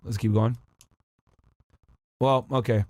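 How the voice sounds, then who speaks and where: A man's voice: medium pitch, steady tone, takes it slowly, a little mellow, dry recording, clean studio sound. A man hosting a podcast in casual commentary, crude and mocking as he reads out news and messages. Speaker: podcast host.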